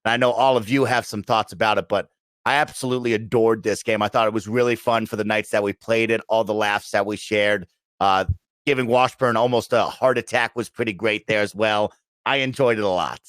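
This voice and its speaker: A man's voice: fairly low pitch, steady tone, a little fast, a bit bright, no room sound. Upbeat man hosting a gaming podcast. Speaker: podcast host. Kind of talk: casual gaming podcast chat.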